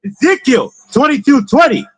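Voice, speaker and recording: A man's voice: extremely high pitch, sing-song, normal speed, slightly rough, poor audio. A man reading scripture aloud in short phrases on a preacher's cue, repeating lines when asked.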